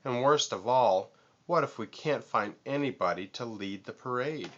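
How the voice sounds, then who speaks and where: A man's voice: mid-range voice, lively intonation, moderate pace, fairly bright tone, highs cut off. A man voicing an anxious male walrus in a storybook read-aloud, sighing and moaning with worry. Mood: worried.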